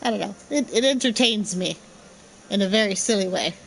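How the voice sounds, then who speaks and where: A woman talks casually over a game stream, muttering quiet commands to herself and chatting playfully about what she sees. Her pitch sits mid-range and ordinary. A faint hiss runs under the recording. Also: a little fast, creaky, rough recording. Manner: muttering to herself, playful, reads dialogue aloud. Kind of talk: casual gameplay commentary.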